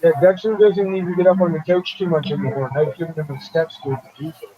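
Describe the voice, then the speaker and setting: A man's voice: fairly high pitch, fairly even intonation, fast, background noise. A man hosting a casual live-stream chat over a video call, talking bluntly, swearing and acting out the people he quotes. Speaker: show host.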